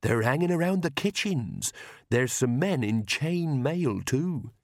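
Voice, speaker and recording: A man's voice: medium pitch, expressive, slow pace, dry recording, studio quality, voice pushed up. Dim, timid old falconer, plodding speech, as a male reader plays him. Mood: vague.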